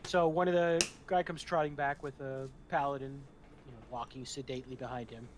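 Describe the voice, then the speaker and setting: A man narrating as game master, telling the story in a relaxed way with fillers and restarts. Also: medium pitch, a little fast, a little hiss or hum.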